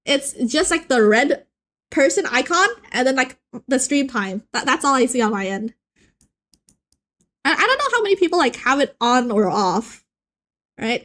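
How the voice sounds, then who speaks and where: A young woman hosting a casual art stream, bantering with her viewers in a playful, animated way. Her voice sits high and swings widely in pitch. She often stumbles and restarts mid-sentence as she talks and draws. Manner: playful and animated, joking with chat, frequent restarts. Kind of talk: casual live-stream chat while drawing.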